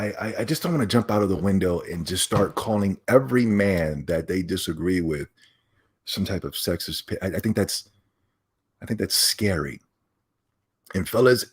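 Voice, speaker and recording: Animated male podcast host ranting. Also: lowish voice, breathy edge. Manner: animated, mocking, opinionated. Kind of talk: casual solo rant.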